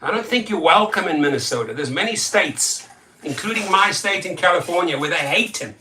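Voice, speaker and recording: A tired man with a high, bright voice rants on a vlog, angry and sarcastic, and keeps repeating his words. He sits back from the mic in an echoey room. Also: expressive, brisk, recorded from a distance, slight background noise. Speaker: rideshare driver and video host. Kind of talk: ranting vlog commentary.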